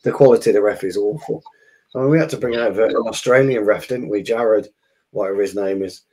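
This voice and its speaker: Co-host, male, lowish voice, thoughtful and halting. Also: a little mellow, slight background noise. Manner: thoughtful, hesitant with many fillers. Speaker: podcast co-host. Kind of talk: casual football podcast chat.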